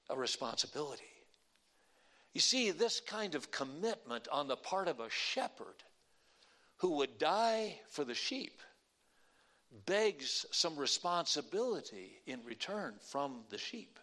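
High-voiced emphatic male preacher. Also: very animated, unhurried. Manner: emphatic, swings between loud and soft, quotes scripture. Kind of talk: sermon.

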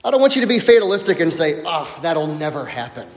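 A man preaching a sermon as pastor, emphatic, with dramatic pauses and sudden drops to a near-whisper. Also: on the high side, lively intonation. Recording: echoey hall, long reverb.

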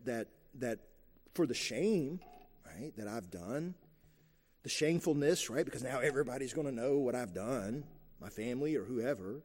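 A man's voice: mid-range voice, mellow, in a large hall. A man preaching a sermon, emphatic and repeating his key phrases.

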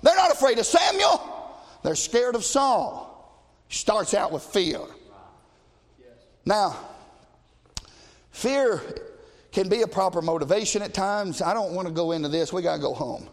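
A man preaching a sermon as pastor, impassioned and rising to shouts. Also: sits high, lively intonation, a little slow, long pauses, big-room sound.

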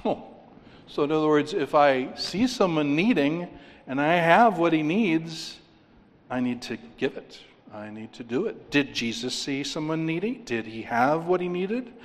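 A man preaching with emphasis, his fairly high voice climbing on key points and falling quiet to drive others home. The sound carries a long reverb, as in a large hall. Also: animated, unhurried. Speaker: pastor. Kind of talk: sermon.

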